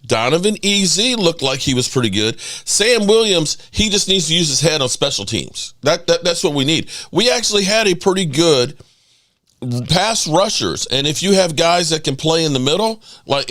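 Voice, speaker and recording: A man hosting a casual live sports stream, excitable and often restarting his words. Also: on the high side. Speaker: sports channel host.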